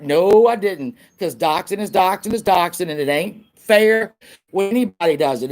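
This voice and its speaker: A woman's voice: on the low side, animated, moderate pace, darkish tone. A woman ranting on a livestream in an angry, profane, confrontational way, repeating lines for emphasis. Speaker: YouTuber. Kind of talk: livestream rant.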